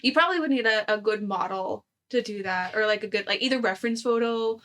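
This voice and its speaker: A woman voicing a peppy, preppy, excited teenage girl who speaks eagerly. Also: medium pitch, fast talker, close to an everyday voice.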